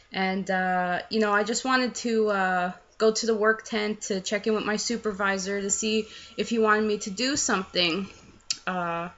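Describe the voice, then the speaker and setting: A woman's voice: medium pitch, pushed and bright. Chatty young woman, dull lo-fi sound. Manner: chatty, rambling, self-mocking. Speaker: fan telling a story. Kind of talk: casual storytelling to camera.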